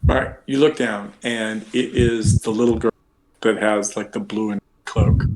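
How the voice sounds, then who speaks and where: A man's voice: on the low side, steady tone, measured pace, noisy background. Casual male game master on a call. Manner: casual, lots of "like" fillers. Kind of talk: narrating a tabletop game. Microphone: video call.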